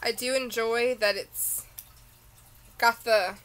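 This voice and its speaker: A woman with a Southern US accent, talking in an unhurried, drawn-out way as she unboxes beauty products. Her voice sits a little high and sounds bright. She is tired and rambles off into tangents. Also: fairly even intonation, rough recording. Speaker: beauty vlogger. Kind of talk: casual unboxing chat.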